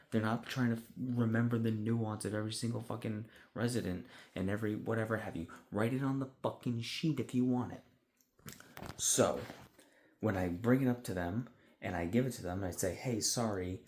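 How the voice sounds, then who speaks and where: A man's voice: on the low side, fairly even intonation, fairly quick, darkish tone, a little hiss or hum. A man venting in a rambling, exasperated, profane way in a casual monologue. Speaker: vlogger.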